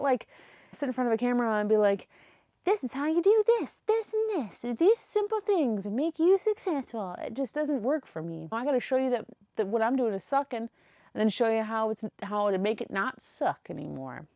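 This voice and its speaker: A young woman with a high voice vlogs casually from her home office on a clip-on mic. She talks in a chatty way, a little out of breath, and bursts into her own acted-out inner voice with bright upswings. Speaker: reselling business vlogger. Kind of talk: casual vlog to camera with a whiteboard. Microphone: clip-on wireless mic.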